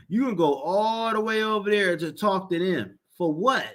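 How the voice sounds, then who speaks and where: High-voiced man ranting in slang. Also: normal speed, a bit bright. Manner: profane, repetitive, exasperated. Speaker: commentary vlogger. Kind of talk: casual rant.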